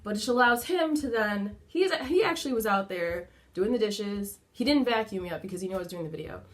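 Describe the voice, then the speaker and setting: A chatty woman speaks to camera from her home, sharing candid advice as a mother. Her talk is loose and conversational, sprinkled with "like" and the occasional swear word. She sounds like a relaxed motivational vlog. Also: medium pitch, fairly quick. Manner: chatty and candid, casual swearing, many fillers like "like". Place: at home indoors.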